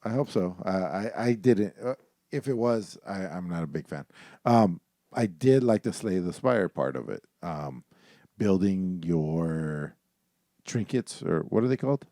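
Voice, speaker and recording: A man's voice: sits low, expressive, unhurried, warm tone, no room sound, studio quality. A man co-hosting a gaming podcast, talking casually and rambling with lots of fillers. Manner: laid-back, rambling with many fillers. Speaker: podcast co-host. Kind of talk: casual chat.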